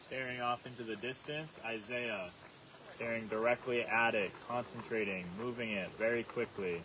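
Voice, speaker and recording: A man hosting an outdoor challenge, explaining rules and calling the action in a steady, instructive way. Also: medium pitch, normal speed. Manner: steady, instructive, calls himself monotone. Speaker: challenge host. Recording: noisy on-location recording.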